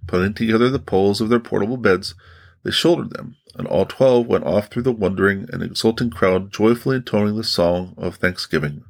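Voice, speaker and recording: A man reading a religious audiobook aloud in measured, even scripted narration. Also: fairly low pitch, vocal fry.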